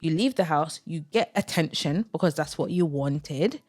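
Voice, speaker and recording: A woman's voice: sits low, animated, moderate pace, darkish tone. A woman co-hosting a casual opinion podcast, speaking bluntly in a lecturing tone. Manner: blunt, lecturing, mocks others in quoted voices. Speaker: podcast co-host.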